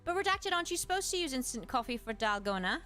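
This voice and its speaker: A woman streamer in casual chat, reading aloud and musing with quick asides to her chat. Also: high-pitched, big pitch swings, pushed and bright, faint music behind. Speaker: streamer host.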